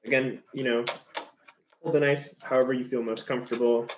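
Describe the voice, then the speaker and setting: A man's voice: medium pitch, fairly even intonation, brisk. Easygoing male chef demonstrating cooking. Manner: easygoing, chatty, explains steps as he works. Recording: slightly dull sound with faint noise.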